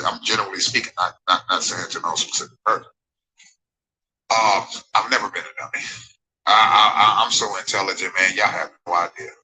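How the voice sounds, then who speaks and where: In poor audio, a man in his forties with a low-sitting, sharp-toned voice delivers a rambling livestream monologue. He reads the chat, makes emphatic points, drifts into digressions, repeats phrases, and regularly asks viewers whether they follow and agree.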